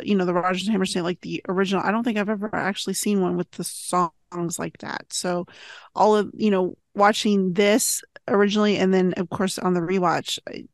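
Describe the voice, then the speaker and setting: A woman guesting on a podcast, chatting in an animated way and laughing often. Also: mid-range voice, no echo, clean studio sound. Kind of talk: casual chat.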